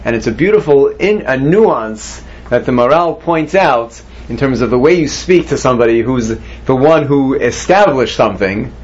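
A man's voice: mid-range voice, expressive, moderate pace, hardly any pauses. A man teaching a Torah class, posing questions to his students and mixing Hebrew terms into his explanations. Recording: dull lo-fi recording.

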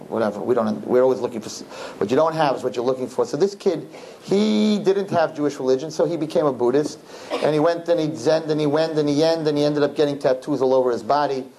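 A man, a rabbi, telling his students a story in an animated, repetitive way, with Hebrew and Yiddish words mixed in. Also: mid-range voice, a little hiss or hum, rough recording. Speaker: rabbi teaching a class.

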